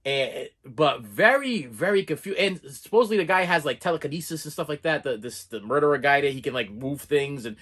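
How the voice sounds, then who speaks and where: Animated, rambling man reviewing a movie. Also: a little high, fairly quick, few pauses, breathy edge. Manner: animated, rambling, mocking characters in put-on voices.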